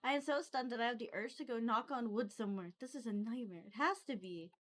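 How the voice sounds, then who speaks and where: A young woman streaming from home, reading a visual novel aloud with giggly, expressive reactions on a desk microphone. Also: on the high side, fast.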